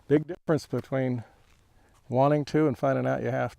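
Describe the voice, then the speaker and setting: A man with a gravelly voice at mid pitch, working as a dog trainer. He explains each step of a session in an easygoing way. He laughs often and calls short commands to his dog. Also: steady tone, moderate pace, warm tone, dry recording. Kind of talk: outdoor training demonstration.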